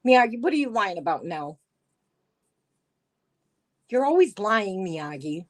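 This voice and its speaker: Brief: middle-aged woman, live-stream host, unhurried and sarcastic, chatty with viewers. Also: medium pitch, big pitch swings. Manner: sarcastic, laughs often, chats with viewers. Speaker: livestream host reading chat. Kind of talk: casual live-stream chat.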